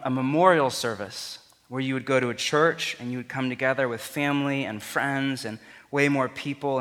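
A man's voice: mid-range voice, fairly bright tone. A man preaching a sermon in an earnest, conversational way, his voice rising for emphasis. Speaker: pastor. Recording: long reverb of a large hall.

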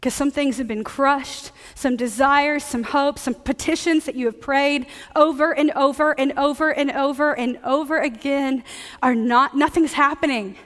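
A woman pastor preaching a sermon in a relaxed, conversational way, joking with her congregation. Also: high voice, normal speed, in a large hall.

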